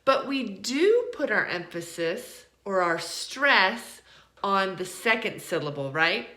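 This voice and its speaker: Slow, lively American woman teaching. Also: mid-range voice. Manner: slow, deliberate, drawing out example words. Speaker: English pronunciation teacher. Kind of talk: online pronunciation lesson. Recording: roomy echo.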